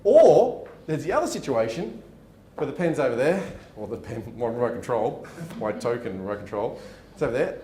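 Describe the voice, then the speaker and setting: A man giving a motivational talk, acting out the people in his stories. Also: moderate pace. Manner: animated, acts out dialogue in his stories. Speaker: motivational speaker. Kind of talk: storytelling keynote talk. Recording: echoey room with faint rumble.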